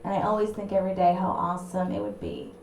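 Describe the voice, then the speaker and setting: A young woman performing a stand-up comedy set in an apartment, with a brassy, punchy delivery and sudden loud bursts. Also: fairly low pitch, sing-song, quick pace, slight background noise. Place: small apartment room with a live audience. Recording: echoey room recorded from far off. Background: audience laughter.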